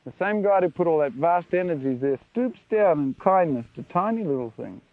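High-voiced preacher on a tinny old recording. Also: male voice, a little fast, dry recording. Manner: animated, wondering, leans into questions to the audience. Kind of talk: sermon. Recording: dry tinny phone-like archive recording.

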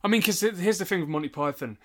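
A man's voice: sits high, fast talker. A man chatting about a favourite film as a podcast co-host, thoughtful and a little rambling. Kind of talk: casual film chat.

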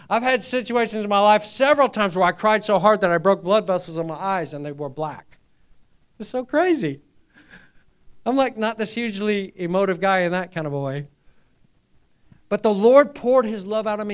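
Middle-aged preacher guy, high voice, goes from whispering to loud, acts out the quotes. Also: fairly quick, clean tone. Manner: swings from hushed, near-whispered lines to loud, emphatic ones; acts out quoted dialogue in a raised voice. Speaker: pastor. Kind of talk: sermon with personal testimony.

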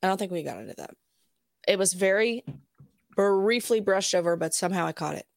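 A young woman co-hosting a podcast, retelling scenes in a profane, animated, laughing way. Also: medium pitch, a little fast, gravelly, dry recording, studio quality. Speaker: podcast co-host. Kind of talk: casual chat.

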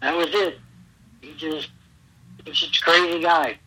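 A middle-aged man with a husky, sharply bright voice recounts his wrestling days to an interviewer. He acts out the people he quotes with loud bursts, and the sound has a thin phone-line quality. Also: a little high, a little slow. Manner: animated storyteller, acts out quotes loudly. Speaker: guest, former pro wrestler. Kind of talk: storytelling interview.

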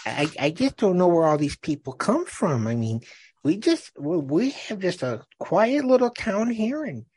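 A man putting on a flustered old small-town man who stammers and rambles, his pitch swinging high and low. The voice is a little husky. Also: sing-song, normal speed, a little mellow, dry recording, heavily acted.

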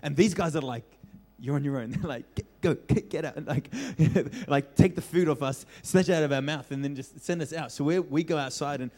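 Animated young male pastor in a hall. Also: a little high, brisk, hardly any pauses. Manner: animated storyteller, acts out voices, laughs often. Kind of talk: storytelling sermon. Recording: reverberant hall.

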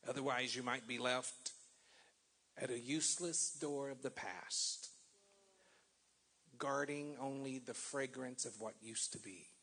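A man preaching a sermon and reading scripture, with dramatic pauses, swelling loud and then dropping to a hush. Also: mid-range voice, breathy edge. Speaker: pastor.

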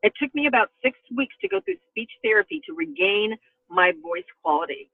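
Woman, middle-aged, former anchor as guest, expressive and emphatic, phone-quality audio. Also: medium pitch, fairly quick, husky, dry recording. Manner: emphatic and expressive, voice rising with feeling. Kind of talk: personal storytelling in a podcast interview. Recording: tinny phone-line audio.

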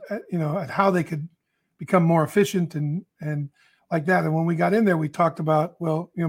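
A man's voice: on the high side, husky. A man consultant on a podcast, telling a long client story and acting out both sides of the dialogue. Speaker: leadership consultant.

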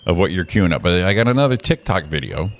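Deep-voiced jokey male co-host. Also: expressive, fast, soft background music. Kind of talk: casual morning show chat.

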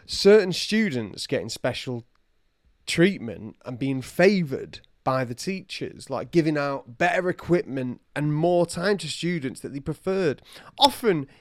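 A man's voice: fairly high pitch, animated, measured pace, no room sound, clean studio sound. A man co-hosting a podcast, chatting wryly and laughing at his own jokes. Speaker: podcast co-host. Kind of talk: casual chat.

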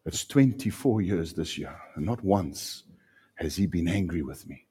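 A South African man preaching a sermon with passion, swinging from loud outbursts to hushed lines. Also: low-pitched, expressive, measured pace, husky. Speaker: pastor.

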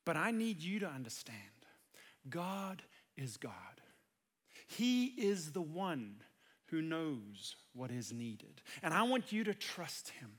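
A man's voice: fairly high pitch, sing-song, unhurried, a bit bright. A man preaching a sermon, earnest and conversational, building to emphatic peaks. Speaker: pastor.

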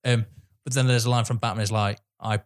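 Excitable man, swearing freely. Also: medium pitch, fast, smooth. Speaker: podcast co-host. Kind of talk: casual film chat.

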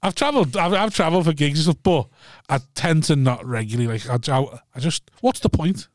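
Laughing north-western comic, dry mic. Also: male voice, a little high, a little fast, no echo. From North West England. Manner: laughing, self-mocking, storytelling. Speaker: comedian guest. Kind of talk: casual comedians' chat.

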